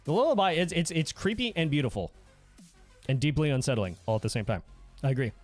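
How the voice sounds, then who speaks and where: Talking fast in a voice on the high side, a man runs a casual livestream over soft background music. He reads chat out loud, banters goofily with his audience, and laughs frequently in an animated way.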